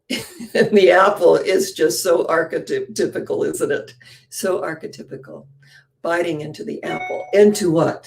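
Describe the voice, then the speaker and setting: A woman giving a spiritual storytelling talk, animated, often posing questions to her listeners. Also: deep voice, gravelly. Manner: animated, poses rhetorical questions. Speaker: inspirational speaker.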